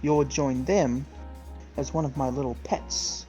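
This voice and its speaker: A domineering, possessive woman villain, read out by a man in a flat, low-key voice. The tone stays soft and even, barely shifted from the reader's usual talk. The delivery sounds read from the page rather than performed. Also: a little slow, faint music behind, lightly acted, poor audio.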